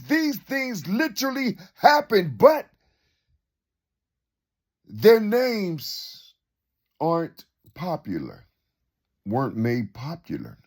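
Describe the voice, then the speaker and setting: Man, high voice with a wide swinging pitch, loose off-the-cuff monologue full of rhetorical questions. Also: huge pitch swings, takes it slowly, pauses often. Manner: rhetorical questions, repeats himself; unscripted, loose and conversational. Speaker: speaker sharing reflections. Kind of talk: rambling spoken monologue.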